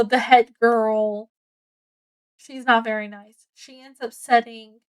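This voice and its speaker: A woman's voice: a little high, clean tone, poor audio. A woman casually reviewing a book, retelling its plot in a rambling way with many ums and self-corrections. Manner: acts out characters' lines with excitement.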